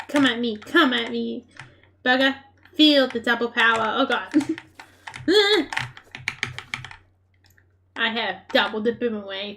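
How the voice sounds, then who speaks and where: A woman giving live gameplay commentary, excitable and laughing often, with playful trash talk at the other players. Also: a little high, a little hiss or hum. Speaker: gaming creator.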